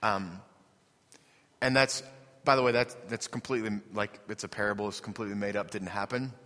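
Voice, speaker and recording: A man's voice: on the low side, steady tone, fairly quick, a bit bright. A man preaching a sermon in a loose, conversational way, telling a story and then moving into earnest appeals. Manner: conversational, with many fillers and restarts, rising to earnest appeals. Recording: long reverb of a large hall.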